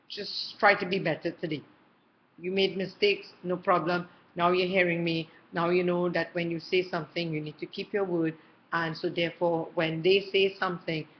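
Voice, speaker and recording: A woman's voice: fairly low pitch, dull audio, a little hiss or hum. A middle-aged woman giving parenting advice to camera in a casual, chatty way, often checking in with her listener. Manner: warm, chatty, checks in often with "okay" and "all right".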